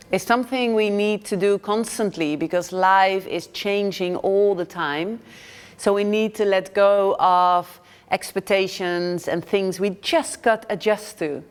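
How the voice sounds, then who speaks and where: A woman teaching a yoga class, calm and gentle, telling a story as she guides. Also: mid-range voice, clean tone.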